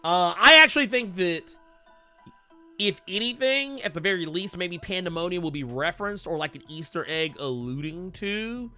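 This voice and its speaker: A man co-hosting a comic book live stream, reading viewer comments in an animated, rambling way and swearing casually. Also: high voice, moderate pace, soft background music. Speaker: co-host of a comic book talk show.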